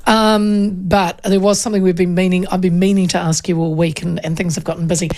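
A woman's voice: fairly low pitch, little pitch movement, fairly quick, darkish tone. A woman hosting a breakfast radio show, chatting and telling stories with frequent laughs. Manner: chatty, storytelling, laughs often. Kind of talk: casual on-air chat.

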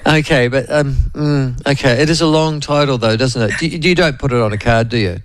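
A man's voice: medium pitch, fairly quick, dry recording. A man with a New Zealand accent hosting a casual talk radio show, rambling and chatty with lots of fillers. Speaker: radio host.

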